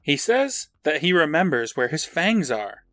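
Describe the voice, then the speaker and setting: Co-hosting a podcast, a man casually recaps an episode, laughing often, swearing offhandedly and acting out quotes. His voice is a little high and a bit bright, with big pitch swings and a measured pace.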